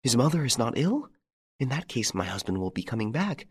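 A man's voice: medium pitch, sing-song, brisk, breathy edge, pitched above the performer's own voice. A man voicing a frightened young noblewoman and desperate mother, breathless and pleading, often whispering. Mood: frantic.

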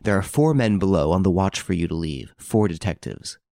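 A man narrating a classic detective story in an even, measured reading, voicing the dialogue lightly. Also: sits low, creaky, no echo, studio quality. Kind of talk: scripted audiobook narration.

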